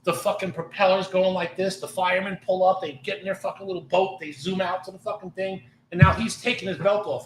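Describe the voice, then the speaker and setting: A man's voice: high-pitched, a little fast, few pauses, echoey room, slight background noise, rough recording. A middle-aged man, a former police officer, telling blunt, profane stories in casual podcast talk. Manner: blunt, heavy swearing, animated retelling. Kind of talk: casual storytelling.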